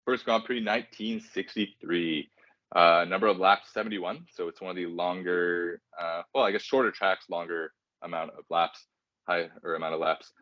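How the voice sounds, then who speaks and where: A man's voice: sits low, steady tone, moderate pace, dry recording. A man co-hosting a podcast, chatting casually and rambling with many fillers and self-deprecating asides. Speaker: podcast co-host. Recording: dry, dull lo-fi sound.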